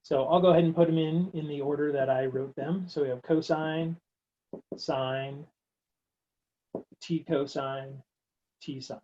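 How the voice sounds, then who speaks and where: A man's voice: fairly high pitch, steady tone, a little slow, long pauses, mellow, highs cut off, slight background noise. A man teaching a recorded math lecture, working through steps aloud in a casual, wry way. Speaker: math instructor.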